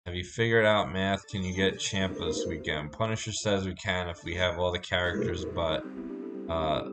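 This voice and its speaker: A man's voice: low-pitched, normal speed, loud music behind the voice. A man hosting a live game stream, chatting casually and greeting viewers by name. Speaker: livestream host. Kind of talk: casual chat while gaming.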